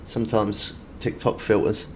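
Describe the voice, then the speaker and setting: Chatty British man, low voice. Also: flat delivery, normal speed, slight background noise. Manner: chatty, answering viewer comments. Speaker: game streamer. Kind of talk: casual live-stream chat.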